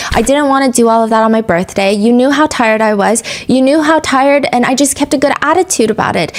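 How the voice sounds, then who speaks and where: A woman hosting a true crime podcast, narrating court testimony and reading text messages aloud in an earnest storytelling manner. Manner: earnest storytelling, rises in pitch when reading emotional texts aloud.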